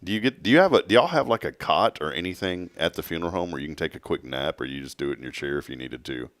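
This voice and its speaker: A man's voice: rumbling low, lively intonation, fast, a bit bright, dry recording. A man hosting a morning show, telling a rambling story and laughing along. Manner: storytelling, laughs at his own jokes, mimics voices. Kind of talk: casual chat.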